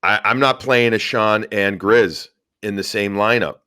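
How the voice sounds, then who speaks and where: Podcast host, a man with a lowish voice, conversational, reading listener questions, dry close sound. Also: a little slow, sharp tone, smooth, no room sound. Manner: conversational, reads questions aloud. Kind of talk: casual sports talk, reading listener questions.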